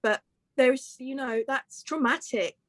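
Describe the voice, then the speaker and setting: Chatty woman, slightly high voice. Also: slow. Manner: lively, chatty, frequent short agreements. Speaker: panelist, social media creator. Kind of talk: casual panel discussion.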